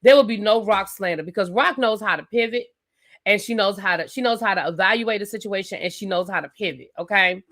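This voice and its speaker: A woman hosting a live TV review stream, recapping an episode in a chatty, animated way with lots of fillers and asides. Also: mid-range voice, fairly quick. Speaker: TV review channel host.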